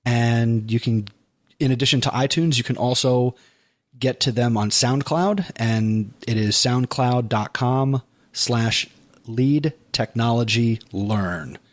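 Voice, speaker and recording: A man hosting a podcast in casual chat, who slows down to spell out web addresses. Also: medium pitch. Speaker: podcast host.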